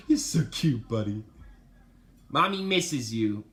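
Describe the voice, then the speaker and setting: A man's voice: a little high, big pitch swings, slow, pauses often, a bit bright. A man filming his pet bird at home, gushing at it in baby talk. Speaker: pet owner. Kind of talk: casual home video.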